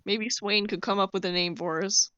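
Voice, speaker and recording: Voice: mid-range voice, steady tone, normal speed, pushed and bright, clear, resonant tone, no echo. Laid-back player on a lo-fi call. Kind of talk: casual tabletop role-play.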